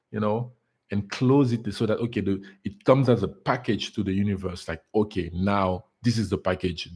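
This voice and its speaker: A man with a fairly low, dark-toned voice livestreams alone as a spiritual life coach. His casual talk is earnest, with fillers and words repeated for emphasis.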